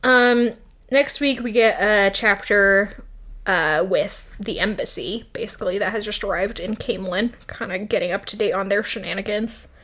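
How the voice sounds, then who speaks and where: A woman co-hosting a casual podcast, recapping a book chapter with quick quoted voices, frequent laughter and swearing. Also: mid-range voice, fairly bright tone. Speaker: podcast co-host.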